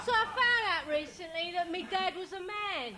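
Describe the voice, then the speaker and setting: An actress playing an aggressive stand-up comic chanting to an audience. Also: female voice, very high voice, lively intonation, normal speed. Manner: chanting and shouting to a crowd. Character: shouty woman stand-up on stage, adult, aggressive. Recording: old stage footage, loud crowd and music.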